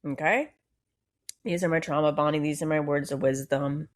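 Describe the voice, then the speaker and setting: A young woman with a New Jersey accent rants bluntly on her solo podcast, her voice sitting a little low. She swears freely, sounds hot and cranky, and talks in a loose, casual way. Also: fairly even intonation, normal speed. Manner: blunt and profane, heavy swearing. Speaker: podcast host.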